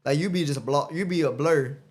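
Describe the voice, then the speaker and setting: A man's voice: on the high side, fast. A man guest on a podcast, telling stories in casual, profane chat, laughing often and acting out what people said. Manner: profane, laughing storyteller who acts out quotes.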